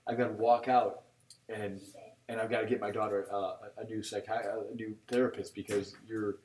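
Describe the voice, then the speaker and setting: Middle-aged man, fast and profane, storytelling podcast co-host, echoey room, mic at a distance. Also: fairly low pitch, level tone, a little mellow. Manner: rambling storyteller, profane, quotes people in dialogue. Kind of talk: casual chat. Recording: roomy echo, mic set back, faint noise.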